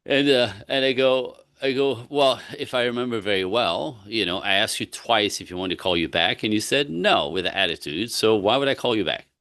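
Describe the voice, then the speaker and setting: A man's voice: lowish voice, brisk, few pauses, no room sound, studio quality. A man, a relationship coach, chatting casually on a podcast and telling stories animatedly, acting out both sides of conversations. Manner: animated storytelling, acts out both sides of dialogue.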